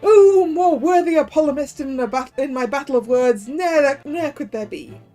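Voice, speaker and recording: A woman's voice: high voice, moderate pace, dark tone, faint music behind, lightly acted. A woman voicing a posh, theatrical man who speaks in grandiose, archaic phrases. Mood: flowery, grandiose.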